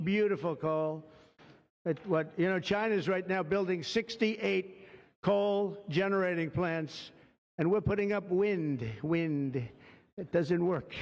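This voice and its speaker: A man giving an off-the-cuff ceremonial speech as a political leader, rambling and digressive, piling on superlatives. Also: high voice. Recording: dull lo-fi sound with long hall reverb.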